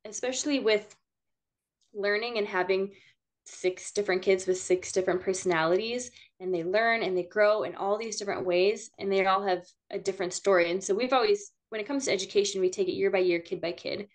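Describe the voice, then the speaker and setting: A woman's voice: mid-range voice, brisk. A woman, a mother of six, chatting casually as a podcast guest, laughing often and using lots of fillers.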